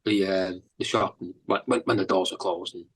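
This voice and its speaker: A man's voice: deep voice, moderate pace, breathy edge, rough recording. A man with a northern English accent, a musician guest telling long rambling anecdotes in a casual interview. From England. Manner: rambling, animated anecdotes with lots of fillers.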